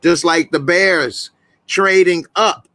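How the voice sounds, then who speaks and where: Lively, bright-voiced male show host. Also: high voice, slow, dry recording, poor audio. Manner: animated, opinionated, slangy. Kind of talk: casual sports chat on a call-in show.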